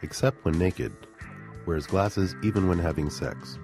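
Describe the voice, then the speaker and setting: Very low male narrator, flat scripted read, music bed. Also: measured pace. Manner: flat, reads stage directions. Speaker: audio story narrator. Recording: guitar music behind.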